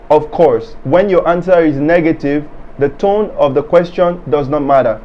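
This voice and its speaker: A man teaching a French lesson in English, with a clear, measured delivery that repeats each example phrase. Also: on the high side, lo-fi sound. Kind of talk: scripted language lesson.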